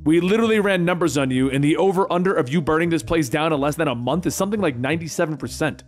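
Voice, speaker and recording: A man voicing a stern female mutant leader in a comic book story, speaking in a cold, measured and dismissive way. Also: on the high side, soft background music, close to an everyday voice. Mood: cool dismissive.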